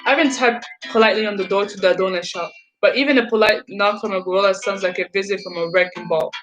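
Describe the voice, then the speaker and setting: A woman's voice: mid-range voice, fast talker, low-quality recording. A woman reading a children's novel aloud, enthusiastic, often stumbling and restarting lines. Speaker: reader. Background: background music.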